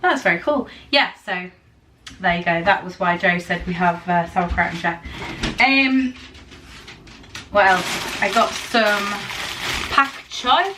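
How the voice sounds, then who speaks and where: A woman vlogger chatting casually through her grocery haul, rambling with lots of ums and quick giggles, her throat a little dry. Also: medium pitch, lively intonation, pushed and bright, distant mic. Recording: faint noise, voice a bit off-mic.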